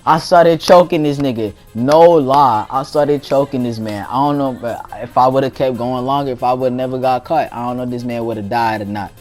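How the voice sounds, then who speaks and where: A man's voice: mid-range voice, moderate pace, few pauses, darkish tone, faint music behind. A young man hosting a gaming channel, telling a story casually in slangy speech and laughing as he goes. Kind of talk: casual storytelling over gameplay.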